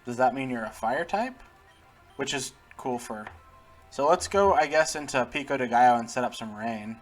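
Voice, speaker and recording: A man with an expressive medium-pitched voice, speaking at a moderate pace over faint music, gives casual let's-play commentary for his gaming channel. He chats, laughs a lot, and talks to the on-screen characters.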